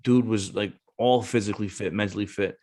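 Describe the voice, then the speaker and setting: A man's voice: on the low side, steady tone, brisk, darkish tone. A man, a Marine gunnery sergeant and former recruiter, talking casually on a podcast, blunt and cursing freely as he acts out the voices in his stories.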